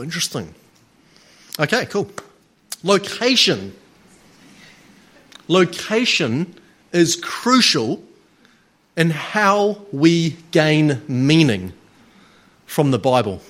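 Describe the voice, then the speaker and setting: A man lecturing a live group, chatty and playful with the audience, then slow and deliberate. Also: fairly high pitch, a bit bright.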